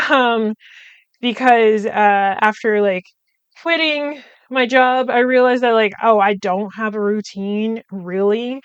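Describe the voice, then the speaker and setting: A woman's voice: mid-range voice, clear, resonant tone, no echo, dull audio. A young woman hosting her own podcast, giving a casual, rambling update at home with many fillers. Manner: rambling, chatty, with frequent fillers and laughs. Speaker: podcast host. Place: room at home.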